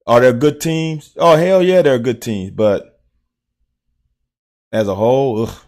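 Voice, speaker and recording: A man's voice: medium pitch, unhurried, darkish tone. A blunt middle-aged man with a Southern American accent, talking football film with his live viewers. He swears freely and speaks directly to the chat, in an ordinary mid-range voice. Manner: blunt, profane, talks straight to chat viewers. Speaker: host, former player breaking down game film. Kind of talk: casual live-stream commentary.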